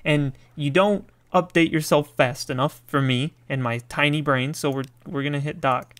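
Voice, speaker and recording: A man playing a video game, reading its text aloud and reacting with chatty, excitable asides as he thinks out loud. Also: on the high side, moderate pace. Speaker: let's play gamer.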